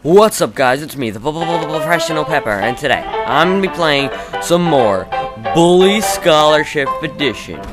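A man's voice: a little high, animated, moderate pace, over loud music. A young man hosting a gaming video, rambling and stammering as he corrects himself. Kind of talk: gameplay commentary.

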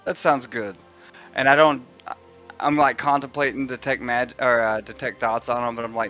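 Male player, bright forward tone, halting delivery with lots of fillers. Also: mid-range voice, steady tone, faint music behind. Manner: halting, filler-heavy, laughing. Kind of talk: tabletop role-play, in and out of character.

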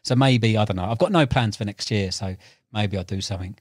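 Animated man telling fishing stories. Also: lowish voice, fairly quick, dry recording, clean studio sound. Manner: animated, laughs while telling stories, acts out voices. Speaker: podcast guest, tackle shop owner and angler. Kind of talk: casual storytelling chat.

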